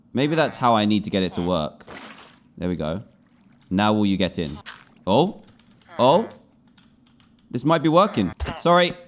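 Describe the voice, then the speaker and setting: A man giving gameplay commentary, scolding and pleading with the characters in his game. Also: mid-range voice. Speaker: gaming video host.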